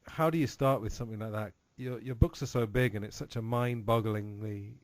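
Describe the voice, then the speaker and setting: A friendly man with an English accent hosts the interview, with a fairly low voice. His speech is dry and close, with no room around it. He asks questions attentively and in a soft tone. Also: steady tone, brisk, no echo. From England. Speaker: podcast host. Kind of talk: casual interview chat.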